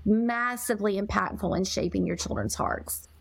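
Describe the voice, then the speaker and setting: A woman's voice: mid-range voice, moderate pace, vocal fry, breathy edge, no room sound. Earnest woman, dry close sound. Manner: earnest, emphatic, repeats words. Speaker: podcast guest, parenting coach. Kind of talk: conversational interview.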